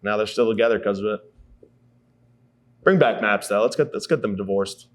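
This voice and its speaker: A man's voice: on the low side, moderate pace. A man in his thirties delivering a rambling, profane, self-mocking comedy monologue as a podcast host. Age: 30s.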